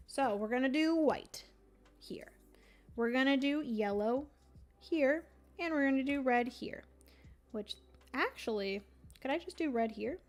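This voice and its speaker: A woman's voice: on the high side, a little mellow. A young woman hosting a livestream, thinking aloud as she plays a board game and chatting casually with her viewers. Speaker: livestream host playing a solo board game.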